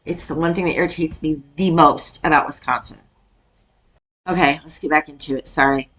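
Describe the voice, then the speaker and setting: A woman's voice: sits low, fairly even intonation, moderate pace, fairly bright tone. A middle-aged woman from Iowa, chatting casually as she reacts to a video and rants with laughs. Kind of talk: casual chat reacting to a clip.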